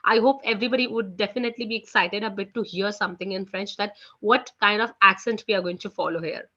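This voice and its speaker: Teaching a live online French class, a woman speaks fast in a steady, mid-range voice that's bright and forward. Her chatter is loose, full of "you know" and "guys," and the call audio comes through dull and lo-fi.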